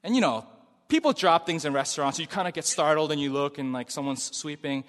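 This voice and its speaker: A man recounts a personal story to an audience in a slightly high voice. He talks in a casual, animated way and acts out the sounds and quotes. His voice carries a long reverb from a large hall. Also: fairly quick. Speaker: speaker telling a personal story.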